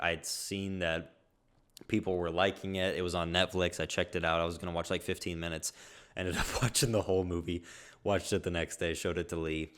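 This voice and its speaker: A deep-voiced young man talks through his movie picks in a casual vlog. He's excitable and gushing, and he drops swear words freely as he goes. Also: smooth. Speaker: movie vlogger.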